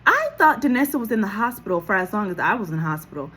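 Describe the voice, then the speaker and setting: A woman recording herself on her phone, telling a personal story in a casual, animated way, laughing often and acting out what people said. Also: medium pitch, fast talker, slightly rough. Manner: animated, laughing, acts out quotes, casual swearing. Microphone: phone camera.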